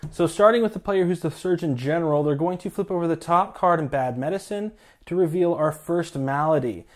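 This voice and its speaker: A man's voice: on the high side, a little fast. A man casually reviewing a board game, chatty with many fillers and laughing at the topic. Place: indoors at a table with the game.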